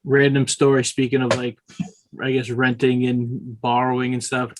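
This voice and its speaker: A man chatting on a podcast tells his stories loosely, restarting his sentences and circling back. His voice stays level and flat, with little rise and fall. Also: medium pitch, normal speed, slight background noise. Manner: rambling, many restarts and fillers. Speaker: podcast co-host. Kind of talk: casual chat.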